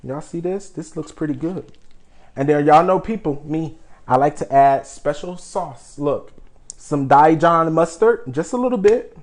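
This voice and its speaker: A young man runs a live home cooking demonstration in a slightly high-pitched voice. He chats steadily with his viewers and brags a little about his skills in a playful way. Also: unhurried, darkish tone. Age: young adult. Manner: chatty, keeps calling the viewers "people", playfully boastful. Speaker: home cook host.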